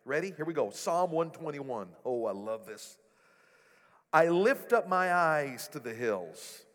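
Male pastor, lively, sermon delivery, slightly raised pitch, echoey sanctuary. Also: unhurried. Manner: animated, rising to loud exclamations. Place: church sanctuary. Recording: echoey hall.

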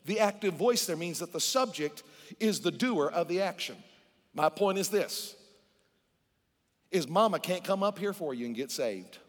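High-voiced fervent male preacher. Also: animated, moderate pace. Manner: fervent preaching, swinging between hushed and loud; addresses the congregation directly. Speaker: pastor. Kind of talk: sermon. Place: church sanctuary. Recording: long church-hall reverb.

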